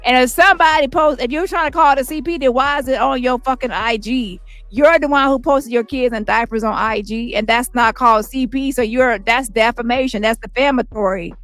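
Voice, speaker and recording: A woman's voice: on the high side, brisk, few pauses, fairly bright tone, dry recording, soft background music. A woman delivering a brash, mocking, profanity-heavy commentary rant. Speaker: commentary channel host.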